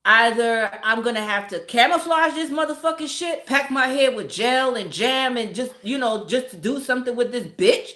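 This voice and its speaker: A woman's voice: on the high side, normal speed, hardly any pauses, roomy sound. A woman casually telling a story to her live viewers, swearing freely and laughing as she goes. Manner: profane, laughing, animated storytelling. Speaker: streamer.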